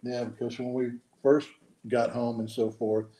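A man from Arkansas, a podcast guest, talking in a relaxed, easygoing way. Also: mid-range voice, unhurried. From Arkansas, USA. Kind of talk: casual conversation. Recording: echoey room.

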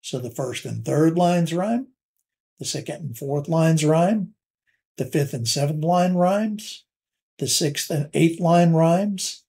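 A man teaching a recorded lesson on poetry, explaining in a casual way with fillers and slowing down to read verse aloud. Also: a little high, gravelly, warm tone.

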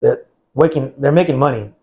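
A man's voice: medium pitch, brisk, muffled recording. A man in his forties from the United States, a military veteran guest telling his story casually, with many "like" fillers. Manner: relaxed and rambling, many "like" fillers, acts out others' quotes.

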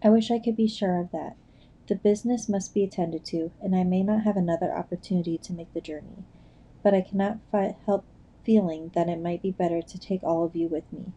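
A woman's voice: lowish voice, steady tone, brisk, warm tone, breathy edge, lo-fi sound. A woman voicing an anxious, careful noble mother who speaks earnestly and firmly.

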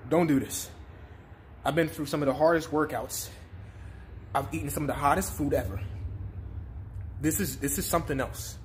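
A faint hiss or hum sits under a young man's fairly high voice as he talks at normal speed, pausing often. He's a YouTuber on a spicy chip challenge, sniffling in pain and pleading to the camera in short, repetitive, distressed bursts.

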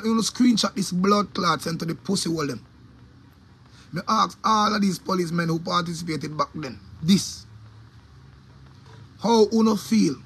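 A man's voice: fairly high pitch, fairly bright tone, husky. A man with a Jamaican accent, a DJ delivering an angry, profane, repetitive rant about his opinions. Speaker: DJ giving opinions.

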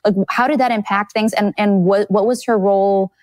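A woman's voice: medium pitch, steady tone, moderate pace, darkish tone, dry recording. A woman hosting a podcast interview, affirming her guest and asking reflective questions. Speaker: podcast host.

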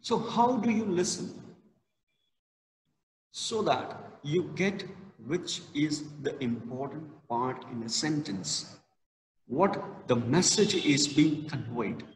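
A male college lecturer gives a classroom lesson, talking slowly and leaning hard on key words. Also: on the high side, expressive, slight background noise. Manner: slow, emphatic, stresses key words. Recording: echoey hall, reverberant.

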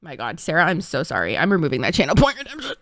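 A woman's voice: sits low, sing-song, very fast, a bit bright, dry recording, studio quality. A woman streamer chatting to her viewers, flustered and swearing often. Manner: flustered, swearing, talks to chat. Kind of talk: casual live-stream chat.

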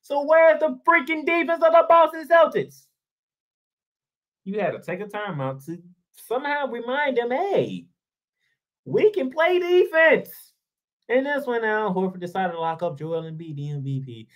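A man runs his own basketball blog and rants about a playoff series. His pitch swings all over the place as he fires off rhetorical questions and exclamations. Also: expressive, moderate pace, fairly bright tone. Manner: heated, ranting, rhetorical questions. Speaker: sports blogger. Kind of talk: basketball commentary monologue.

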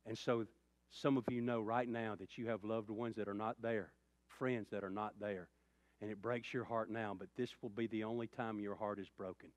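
A man preaching a sermon as pastor, swinging from loud, raised passages to hushed, quiet ones. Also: fairly low pitch, steady tone, moderate pace, dry recording. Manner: impassioned preaching, rising loud then dropping to hushed tones.

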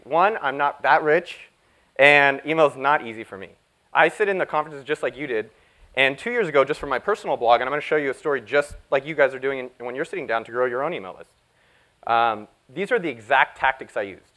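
A man giving a live conference talk, energetic and jokey as he hypes up the audience. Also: a little high, a little fast, low-quality recording. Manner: energetic, jokey, hyping up the crowd. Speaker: keynote speaker.

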